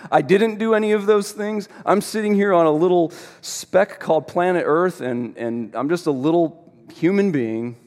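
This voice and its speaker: Pastor telling a story in an echoing hall. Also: male voice, sits high, normal speed, hardly any pauses. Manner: storytelling, animated, self-deprecating humor. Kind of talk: sermon. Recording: long hall reverb.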